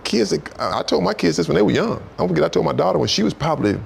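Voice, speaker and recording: Man, low gravelly voice, lively animated storyteller; faint hiss behind. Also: rapid-fire. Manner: animated, repetitive storyteller, jumps into high voices for quotes. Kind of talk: storytelling talk-show chat.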